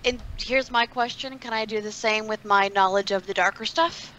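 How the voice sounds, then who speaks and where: A woman's voice: mid-range voice, fairly even intonation, moderate pace, sharp tone, a little hiss or hum, poor audio. A woman playing a tabletop game, eagerly planning moves and rolls. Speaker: player. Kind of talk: casual game-night chat.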